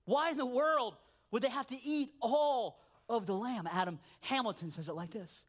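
Guy pastor with a high voice telling stories in a sermon, goes low for asides then pushes up loud. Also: normal speed. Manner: animated storytelling, swings between low asides and raised emphatic lines.

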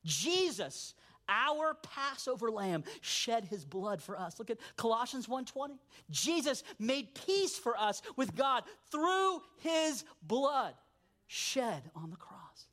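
A man, a pastor, preaching a sermon with animated storytelling, dropping into low asides and rising for emphatic points. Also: takes it slowly.

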